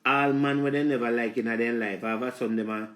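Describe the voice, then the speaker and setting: A man's voice: medium pitch, steady tone, fast talker, fairly bright tone, roomy sound. A man with a Jamaican accent rambling in a preachy, lecturing way, addressing his listeners directly on a live stream. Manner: preachy, lecturing, repeats "let me tell you something".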